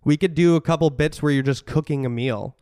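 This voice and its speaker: A man co-hosting a podcast, casually pitching show ideas in a laid-back way, full of "like"s. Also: fairly quick, darkish tone, clear, resonant tone, no echo, clean studio sound. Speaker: podcast co-host. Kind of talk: casual comedic brainstorming.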